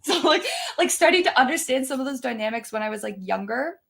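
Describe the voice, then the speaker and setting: A woman in her thirties, a guest telling stories in a chatty, animated way, full of "like" fillers. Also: sits high, quick pace, gravelly, noisy background. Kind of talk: casual storytelling.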